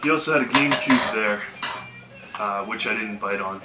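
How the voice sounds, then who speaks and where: Very noisy audio captures a man with a lowish voice at normal speed, a video game collecting vlogger rambling laid-back yard-sale stories. He leans heavily on "you know" and "man," and the echoey room has faint music.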